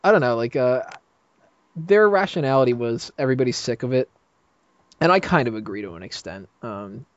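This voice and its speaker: A man's voice: mid-range voice, expressive, brisk, no echo. Male podcast panelist, casual rambling talker, dull lo-fi dry sound. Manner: rambling, filler-heavy, laughs often. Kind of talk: casual roundtable chat.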